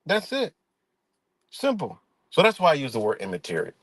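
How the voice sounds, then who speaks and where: A middle-aged man from Rochester, New York, talking in a casual, profane, rambling livestream monologue and telling an animated story. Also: fairly high pitch, normal speed, dry recording. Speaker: live stream host.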